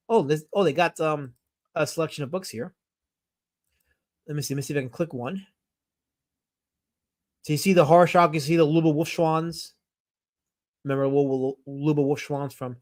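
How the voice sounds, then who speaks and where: A man hosting a casual live stream, reading viewer comments and rambling enthusiastically with fillers and self-corrections. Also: on the high side. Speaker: streamer host.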